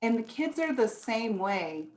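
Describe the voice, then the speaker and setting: A woman leads a workshop in a slow, deliberate way, explaining ideas step by step. Now and then she acts out everyday thoughts to make her point. Her voice carries a noticeable room echo. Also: fairly high pitch, big pitch swings. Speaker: presenter. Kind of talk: online workshop talk. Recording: echoey room.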